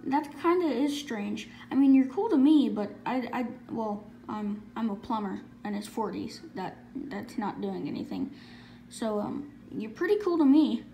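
A woman's voice: a little high, expressive, warm tone, slight background noise, pitched below the performer's own voice. A woman voicing a hesitant adult male plumber who stammers and halts in a toy skit. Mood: unsure. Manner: halting, stammering.

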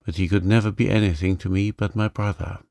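A man voicing a gentle young woman facing illness, speaking softly, slowly and with resignation. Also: deep voice, fairly even intonation, vocal fry, no echo, studio quality. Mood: resigned.

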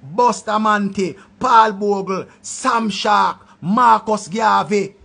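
A man with a Jamaican accent ranting loudly in a commentary, throwing insults in patois. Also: high voice, slow, gravelly, husky. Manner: loud, insulting rant in patois. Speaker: online commentator.

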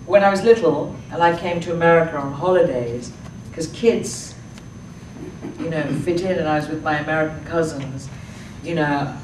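An actress with a low-ish voice answers audience questions in a thoughtful public talk at a public library talk room. Her speech is halting, full of fillers and restarts. The mic is distant, the room echoey and the background noisy.

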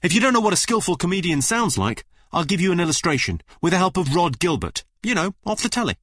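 Dry deadpan radio host. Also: male voice, sits high, fast, dry recording. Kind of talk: scripted radio presenting.

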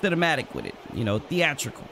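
A man's voice: mid-range voice, quick pace, gravelly, slight background noise. Hyped, foul-mouthed gamer guy. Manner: excitable, profane trash talk, shouts when hyped. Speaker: gaming channel host. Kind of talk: live gameplay commentary.

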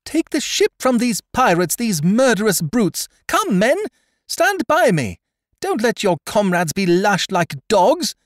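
A man's voice: high-pitched, sing-song, measured pace, few pauses, dark tone, no echo, studio quality, pitched above the performer's own voice. A man voicing a spirited young woman who is defiant and fierce, with stormy outbursts.

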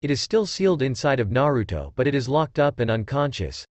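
A man's voice: mid-range voice, big pitch swings, brisk, no echo, natural voice. A man voicing a cheeky, kind spirit of a father who explains things at length.

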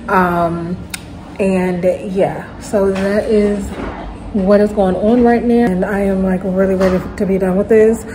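A woman's voice: mid-range voice, background noise. Chatty young woman vlogging. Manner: chatty, talks straight to viewers as y'all and baby. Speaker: vlogger and content creator. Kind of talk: casual vlog chat to camera.

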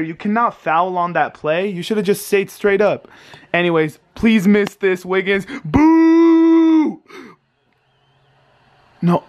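A man's voice: high voice, fairly bright tone. A young man in his twenties reacting live to a basketball game at home, anxious and pleading, swearing and groaning as he talks into a handheld camera. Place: home, indoors.

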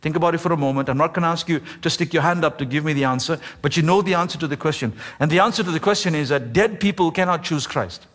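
A man, the pastor, preaching a sermon with emphasis, slowing down and stretching key words. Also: fairly high pitch, a bit bright. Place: church sanctuary. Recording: echoey church hall.

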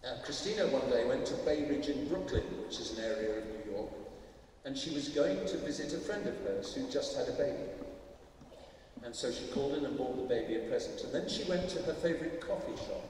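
A man's voice: medium pitch, animated, brisk, darkish tone, a little hiss or hum. A man giving a conference talk to teachers, addressing the audience directly and telling a story in a conversational way. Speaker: conference speaker. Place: large conference hall. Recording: echoey hall from far off.

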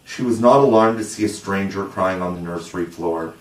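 A man narrating a storybook in a measured, expressive way. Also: low voice. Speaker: audiobook reader. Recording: roomy, distant mic.

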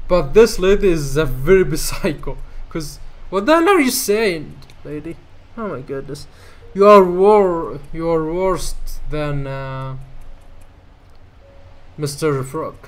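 Man, let's play commentary, excitable, reads dialogue aloud, higher voice, unhurried delivery. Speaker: gamer.

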